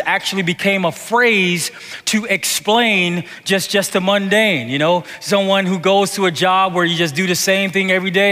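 A male pastor preaching a sermon. He repeats and restarts words and swings from hushed to loud. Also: sits high, fairly even intonation, normal speed. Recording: echoey hall reverb.

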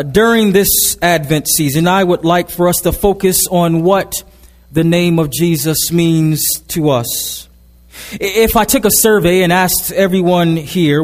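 A man's voice: a little high, in a large hall. A man preaching a sermon, opening with prayer and telling a story with humor and frequent repeated words. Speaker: pastor. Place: church sanctuary.

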